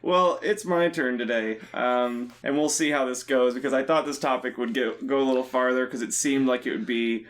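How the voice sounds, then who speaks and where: A young man co-hosts a casual podcast chat, his voice at an everyday middle pitch. He rambles loosely, keeps joking and laughs often as he talks. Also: normal speed, few pauses. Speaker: podcast co-host.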